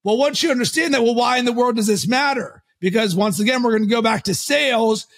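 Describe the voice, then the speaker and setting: A man being interviewed as a guest on a podcast, a coach and founder explaining his ideas in an energetic, conversational way, with fast runs and loud emphatic bursts. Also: very high voice.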